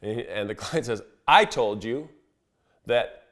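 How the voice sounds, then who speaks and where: A relaxed man telling a river story in an easy, conversational voice at a middle pitch. He is a fishing guide giving his weekly report, and he chuckles often as he talks. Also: measured pace. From Montana. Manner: laid-back, chuckles while telling a story. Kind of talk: casual storytelling.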